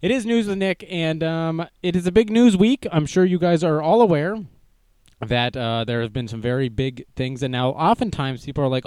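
A man's voice: fairly high pitch, moderate pace, darkish tone, smooth, no echo. A young man hosting a casual livestream news show, joking and self-deprecating as he goes. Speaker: news stream host.

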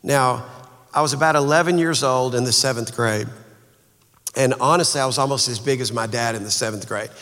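A man, a speaker and author, telling a personal story in an earnest, halting way with frequent restarts. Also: medium pitch, a bit bright, in a large hall.

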